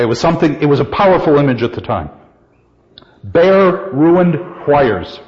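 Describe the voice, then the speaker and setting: An older man teaching a poetry class, reading verse aloud with slow, emphatic stress and putting questions to his students. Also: a little high, darkish tone. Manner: asks the class questions and answers them. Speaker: literature teacher. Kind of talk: classroom lecture. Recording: dull, lo-fi sound with long hall reverb.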